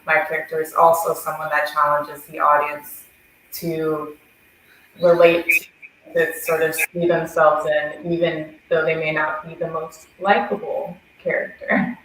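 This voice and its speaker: A woman in the cast talking about her role in a measured, thoughtful way. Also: sits low, fairly bright tone, a little hiss or hum. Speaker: actor in the play. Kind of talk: cast interview answer. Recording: very echoey room.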